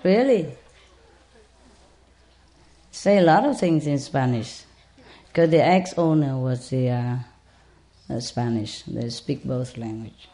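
A woman's voice: rumbling low, slow, pauses often, warm tone. A woman who rescues birds, talking tenderly and coaxingly to a parrot in simple, broken English while telling viewers about it. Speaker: bird rescuer. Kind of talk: casual talk to a parrot and viewers.

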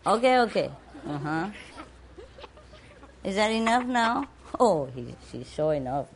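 A woman's voice: medium pitch, sing-song, a little slow. A woman leading a spiritual center gathering who talks casually with a live audience. She teases people playfully, coos fondly at her pets, and speaks English with loose non-native grammar. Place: indoor room with an audience. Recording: noisy live room recording.

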